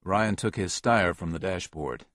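A man reads an action novel aloud in a steady, even narration. His voice is very low. The recording is dry and close, with no room sound. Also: a little slow, no echo. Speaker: audiobook narrator. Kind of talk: scripted narration.

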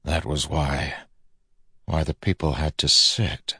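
A man narrating a fantasy audiobook in a measured, grave manner. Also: extremely low pitch, steady tone, bright, forceful tone, breathy edge, dry recording, studio quality.

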